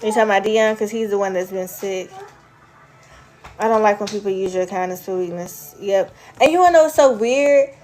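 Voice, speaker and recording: A woman's voice: medium pitch, a little fast, a little mellow, faint music behind. A woman chatting casually with her viewers, rambling from story to story and answering their comments. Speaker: vlogger. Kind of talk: casual live chat with viewers.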